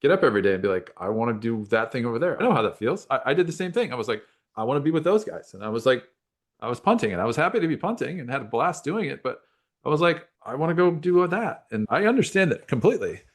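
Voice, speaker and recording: A man's voice: medium pitch, very animated. A man hosting a podcast who chats casually, agreeing and sharing his own experience as a former punter. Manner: quick, repeats phrases, relatable and agreeing. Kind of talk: casual conversation.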